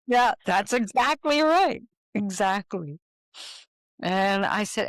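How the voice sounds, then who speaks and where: A woman's voice: medium pitch, animated, takes it slowly, no echo. An older woman, a podcast guest, telling a personal story and acting out the dialogue she quotes.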